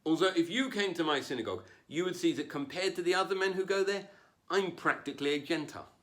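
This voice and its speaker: A man's voice: a little high, fast, fairly bright tone. A man doing a wry, self-deprecating stand-up comedy set from home, with no audience. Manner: wry, self-deprecating delivery with put-on voices. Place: home, performing without an audience.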